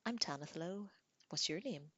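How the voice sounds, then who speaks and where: A woman's voice: fairly low pitch, animated, moderate pace, sharp tone, no echo, lo-fi sound. A woman voicing a playful, confident young woman who talks in a coaxing, teasing way, as in an audiobook reading.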